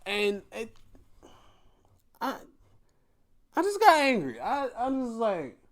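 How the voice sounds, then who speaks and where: Slow, animated young man ranting. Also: very high-pitched. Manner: animated, profane, exasperated rant. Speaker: podcast host. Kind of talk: casual ranting commentary.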